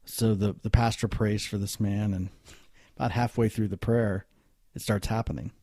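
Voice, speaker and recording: A man's voice: lowish voice, steady tone, moderate pace, warm tone, no room sound, studio quality. A man hosting a podcast, casually retelling a story in a conversational way. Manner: conversational, many fillers and restarts. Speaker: podcast host.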